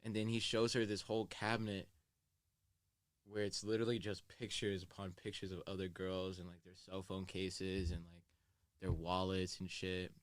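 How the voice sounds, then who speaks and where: A man's voice: low voice, level tone, normal speed, no echo. A young man retelling a story in casual, profane chat full of fillers.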